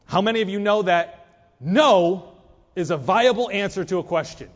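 A man preaching a sermon, emphatic and animated, who acts out whiny prayers in a mocking voice. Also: sits high, moderate pace. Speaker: pastor. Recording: dull lo-fi sound with long hall reverb.

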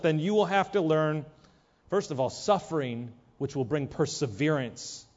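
A man preaching a sermon, emphatic and animated, who acts out whiny prayers in a mocking voice. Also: on the high side. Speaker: pastor. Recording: dull lo-fi sound with long hall reverb.

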